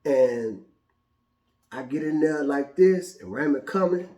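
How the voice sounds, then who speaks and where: Male host, fairly high voice, animated profane storyteller, echoey room. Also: slow. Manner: animated, casual, profane, restarts often. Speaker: show host. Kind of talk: personal storytelling.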